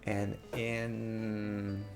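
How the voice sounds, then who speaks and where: A man's voice: fairly low pitch, completely flat delivery, very slow, faint music behind. A man thinking aloud as he plays a word puzzle game, musing and muttering words over to himself at a desk mic. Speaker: gaming YouTuber.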